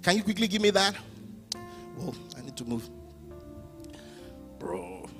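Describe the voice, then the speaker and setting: Impassioned high-voiced male preacher. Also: wildly swooping pitch, measured pace, faint music behind. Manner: impassioned preaching, swings from hushed to shouting. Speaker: pastor. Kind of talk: sermon.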